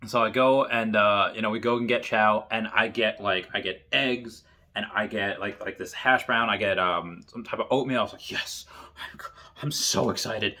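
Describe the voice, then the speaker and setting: A man's voice: on the low side, normal speed, bright, forceful tone. Chatty man reading funny stories. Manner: chatty, laughs often at the stories. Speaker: military veteran storyteller.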